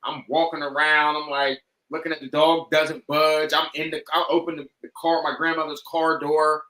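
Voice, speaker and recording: A man with a bright, forceful voice sitting a little higher than most men, telling a story as a podcast guest. He talks casually with plenty of swearing and slips into the voices of the people in his story. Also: normal speed, rough recording. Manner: animated, profane, acts out quoted lines.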